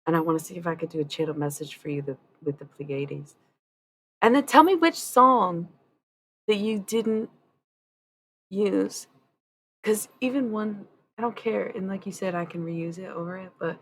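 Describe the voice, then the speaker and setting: A woman's voice: on the low side, moderate pace, a bit bright, a little hiss or hum. A woman chatting casually on a live stream, rambling and candid, swearing freely. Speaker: livestreamer.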